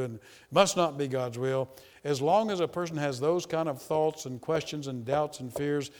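Guy preaching a sermon, keeps repeating himself for emphasis, goes loud then quiet, big echoey hall. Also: mid-range voice. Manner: emphatic, repetitive, shifts between loud and hushed.

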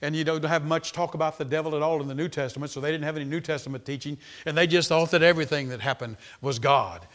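A middle-aged man preaching a sermon, emphatic, repeating words and swinging from loud to quiet. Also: on the high side, quick pace, few pauses. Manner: emphatic, repeats words, rises and falls sharply in loudness.

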